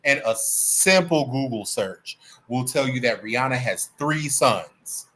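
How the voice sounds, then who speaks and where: A man hosting a livestream, chatting in a sassy, animated, playful way about celebrity gossip. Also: medium pitch, a little slow. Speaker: livestream host. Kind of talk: casual celebrity gossip chat.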